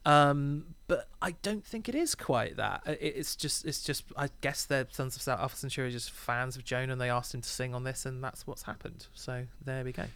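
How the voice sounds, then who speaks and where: A man's voice: medium pitch, moderate pace, few pauses, a bit bright, clean tone, dry recording. A man co-hosting a casual music podcast, teasing and laughing often. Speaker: podcast co-host. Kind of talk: casual chat about music.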